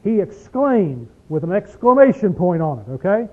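A man preaching a sermon and reading scripture. He talks emphatically and folksily, asks the listeners lots of rhetorical questions, and slows right down to stress a verse. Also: high-pitched, sing-song, phone-quality sound.

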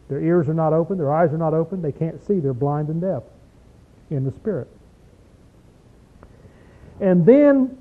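High-voiced man preaching over a tinny line. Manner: emphatic, folksy, full of rhetorical questions; slows down to stress verses. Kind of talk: sermon with scripture reading.

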